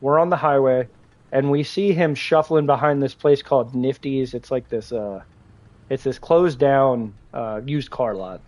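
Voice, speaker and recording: A man's voice: medium pitch, a little slow, a little mellow, no room sound. A young man livestreaming a game, rambling through a casual story with lots of fillers and restarts. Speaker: gaming livestreamer.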